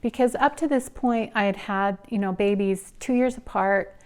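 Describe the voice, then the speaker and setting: A middle-aged woman telling her personal story in an earnest, emotional way, her voice going soft and breathy at the tender moments. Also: medium pitch, normal speed. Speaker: interviewee, nonprofit founder and mother. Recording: soft music underneath.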